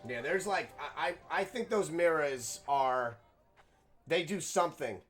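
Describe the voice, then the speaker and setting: A young man giving casual, excitable, rambling game commentary, swearing now and then. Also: fairly high pitch, a little slow, soft background music. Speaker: game streamer. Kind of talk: casual let's-play commentary.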